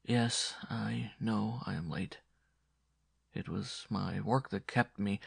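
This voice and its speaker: A man's voice: on the low side, slow, creaky, breathy edge, no room sound, clean studio sound, exaggerated voice. A man voicing a feverish, lovesick dying young man who pleads breathlessly and fades into whispers in an audio drama. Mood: tender pleading. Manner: breathless, imploring, fading to a whisper.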